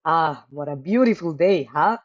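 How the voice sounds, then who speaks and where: A woman reading aloud as a friendly middle-aged male saloon owner in a video game, her voice lowered and easygoing, on a dull lo-fi mic. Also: lively intonation, moderate pace.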